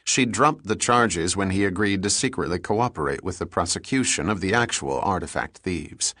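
A man giving measured, scripted narration of a novel. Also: deep voice, animated, bright, forceful tone, no echo, studio quality. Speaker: audiobook narrator.

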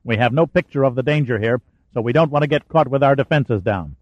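A man's voice: medium pitch, fast, no room sound, muffled recording, natural voice. A man voicing an authoritative male ship's commander who gives clipped orders. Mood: commanding.

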